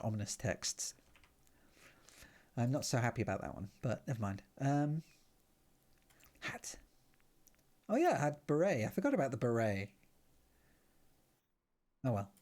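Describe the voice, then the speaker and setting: Very animated yet unhurried, a streamer with a slightly mellow, mid-range voice pauses often while offering bubbly, chatty commentary on a dating game. Playful asides pepper this casual gameplay talk, with faint music in the background.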